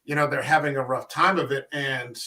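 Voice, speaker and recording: A man's voice: mid-range voice, fairly even intonation, fairly quick, a crowd in the background. A man co-hosting a casual film podcast, telling stories in a rambling way and swearing freely. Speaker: podcast co-host. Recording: voice a bit far from the mic.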